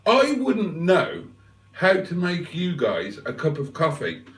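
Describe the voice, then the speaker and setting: Man, livestream host, slow unhurried chat, lively pitch, rambling asides, roomy echo, a bit far from the mic. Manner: chatty, rambling, many fillers and asides. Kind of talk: casual live chat reading viewer comments.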